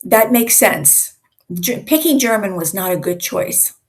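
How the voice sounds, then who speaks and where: A woman in her sixties hosting and coaching, teaching in a conversational way with deliberate pauses. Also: medium pitch, lively intonation. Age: 60s. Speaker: host and speaking coach.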